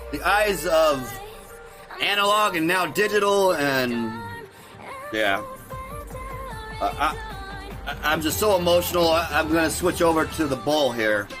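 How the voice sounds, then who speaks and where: A man hosts a loose livestream at a computer mic. He rambles, repeats words and trails off mid-thought. Faint music plays in the background. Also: on the high side. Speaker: livestream host. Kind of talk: casual livestream chat.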